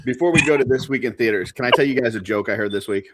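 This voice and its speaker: A man hosting a podcast in casual chat, telling rambling jokes and laughing loudly. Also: medium pitch, fast talker, a little hiss or hum. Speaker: podcast host.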